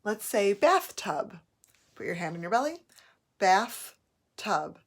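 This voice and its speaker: A woman teaching a phonics lesson, sounding out words slowly and clearly, syllable by syllable. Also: medium pitch, big pitch swings.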